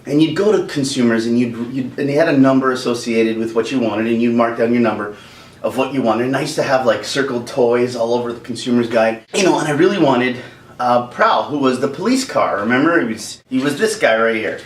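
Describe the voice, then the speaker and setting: A man's voice: medium pitch, a little fast, a little hiss or hum. A man from Canada telling a comic, rambling childhood story on his vlog. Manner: animated, rambling, jokey. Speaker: vlogger. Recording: roomy echo, distant mic.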